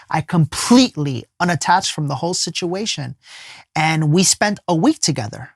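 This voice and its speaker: A man, a life coach appearing as a podcast guest, telling a personal story in an earnest, emphatic way and sometimes dropping to a soft hush. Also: sits high, moderate pace, no echo, clean studio sound. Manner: casual speech with many fillers and restarts.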